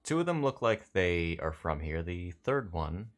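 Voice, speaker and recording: A man with a deep, low voice narrates a tabletop game as dungeon master. He talks slowly, with many pauses and fillers. His delivery is loose and casual. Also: big pitch swings. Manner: halting, filler-heavy narration.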